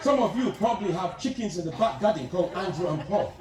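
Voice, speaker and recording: A man's voice: high voice, expressive, quick pace, very noisy. A man performing live stand-up as a pompous, crude, self-styled dictator president, teasing the audience in a large theater. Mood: boastful. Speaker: stand-up comedian. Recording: echoey theater from a distant mic, loud crowd.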